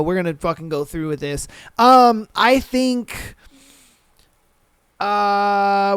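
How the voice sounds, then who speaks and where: A man's voice: sits high, smooth, dry recording. A man hosting a podcast alone, talking casually and bluntly with lots of swearing, fillers and rambling asides. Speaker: podcast host. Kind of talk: casual solo commentary.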